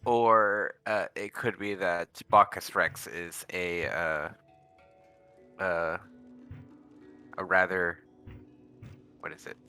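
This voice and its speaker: Man, very deep voice, bright edge, halting casual gameplay chat. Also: steady tone, clear, resonant tone, faint music behind. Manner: halting, full of fillers. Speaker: video game co-op player.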